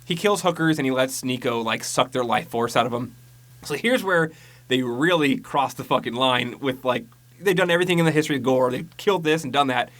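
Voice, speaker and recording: A man's voice: mid-range voice, fairly quick, a bit bright. A man casually recapping a horror movie on a podcast, rambling and profane, mocking the plot and mimicking lines. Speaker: podcast co-host.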